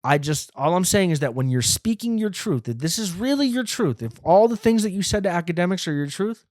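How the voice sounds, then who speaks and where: A man's voice: high-pitched, lively intonation, fairly quick, darkish tone, dry recording, clean studio sound. A young adult man hosting a comedy podcast, riffing in a profane, rambling monologue that acts out imagined scenes.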